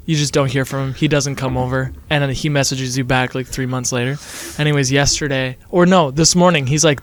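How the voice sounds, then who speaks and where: A man's voice: medium pitch, fairly even intonation, a little fast, few pauses. A young man casually reading a story aloud with a friend, swearing, laughing often and loosely voicing the characters.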